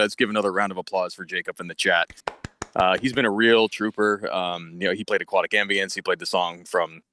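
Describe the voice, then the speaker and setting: A man's voice: on the low side, sharp tone, dry recording. A man talking as a guest musician on a live stream, chuckling and self-deprecating in casual chat.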